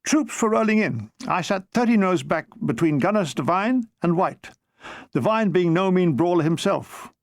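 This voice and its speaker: A man with a high-sitting, expressive voice reads his own memoir as an audiobook at normal speed. His storytelling is dry and comic, with brief impressions of characters, and the recording sounds dry.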